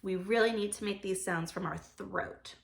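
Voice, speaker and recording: A woman speech therapist leading a children's sound practice lesson, modeling sounds clearly and giving encouraging praise. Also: medium pitch, heavy background noise. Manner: slow, clear modeling of sounds with pauses for kids to repeat.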